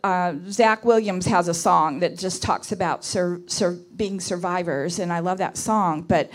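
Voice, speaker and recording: A woman's voice: fairly low pitch, a little slow. A woman, an intercessor, giving an earnest prayer talk at a church conference, restarting phrases and piling up words for emphasis.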